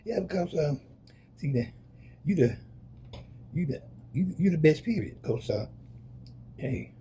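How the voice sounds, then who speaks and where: A man, the host's husband, tastes the food with her in a casual kitchen chat, speaking quietly and in a low-key way. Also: expressive, a little slow, a little hiss or hum. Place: home kitchen.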